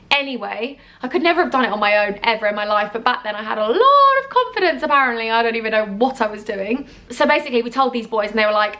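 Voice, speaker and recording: Young girl doing a chatty storytime vlog, kinda high voice, goes squeaky when she quotes herself. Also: lively intonation, quick pace, hardly any pauses. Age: young adult. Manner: chatty, giggly, jumps between loud put-on quotes and asides. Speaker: YouTuber.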